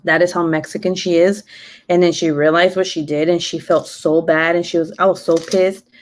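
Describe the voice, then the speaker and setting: A woman's voice: fairly low pitch, steady tone, normal speed, slight background noise. A woman in her twenties chatting casually on her live stream, cussing freely and laughing often. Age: 20s. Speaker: YouTuber.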